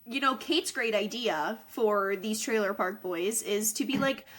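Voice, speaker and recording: A woman's voice: medium pitch, unhurried, fairly bright tone. A woman co-hosting a podcast, chatting casually about a movie with lots of "like" and "yeah". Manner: agreeable chat, lots of yeahs and likes. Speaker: podcast co-host. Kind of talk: casual movie recap chat.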